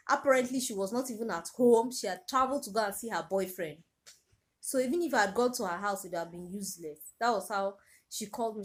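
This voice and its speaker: Emotional Nigerian woman telling her story. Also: medium pitch. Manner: emotional, urgent retelling with repeated phrases. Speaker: vlogger. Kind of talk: personal storytelling vlog.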